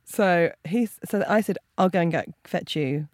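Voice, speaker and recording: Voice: mid-range voice, moderate pace, no echo, studio quality. A podcast co-host in casual comedic chat, telling stories with jokey, self-mocking humor.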